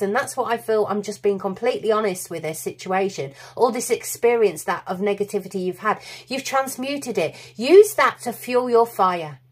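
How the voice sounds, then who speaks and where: A woman reads tarot cards to her audience, gushing with encouragement and openly emotional about the reading. Her voice sits high and bright, and she carries on in a warm, heartfelt run of reassurance. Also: husky. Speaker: tarot reader. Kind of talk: recorded tarot reading to viewers.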